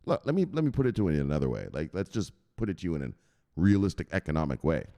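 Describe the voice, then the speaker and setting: A man's voice: low voice, sing-song, racing, warm tone. A man hosting a crypto news vlog in a casual, blunt and profane way.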